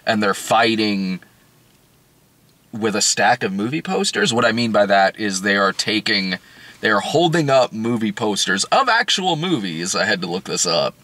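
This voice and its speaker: A man casually reviewing a film in conversation, animated and often laughing. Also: lowish voice, normal speed, no room sound.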